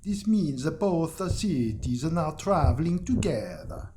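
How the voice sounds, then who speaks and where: Guy putting on a sad gondolier, a bit higher, mellow and soft. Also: big pitch swings, a little slow, slight background noise. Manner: sad, slightly raised put-on voice. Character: sad gondolier, a grown man, stranded and wistful.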